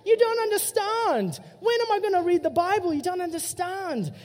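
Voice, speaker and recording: A man's voice: very high-pitched, expressive, moderate pace, a little mellow, voice pushed up. A man putting on a whiny British accent to play a complaining schoolboy during a sermon. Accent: put-on British. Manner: whiny, pleading. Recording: long hall reverb.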